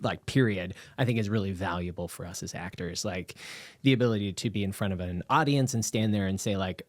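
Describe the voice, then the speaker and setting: A man who is an actor and improv performer, chatting as a podcast guest, telling stories with lively acted-out quotes and frequent laughs. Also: deep voice, fairly quick, no echo. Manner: animated, laughs often, acts out quotes. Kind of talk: casual storytelling conversation.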